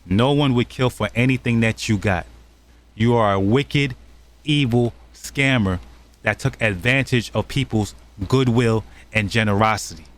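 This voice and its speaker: A man's voice: mid-range voice, measured pace. A man hosting a channel, talking over clips in an accusatory, scolding commentary. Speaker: channel host.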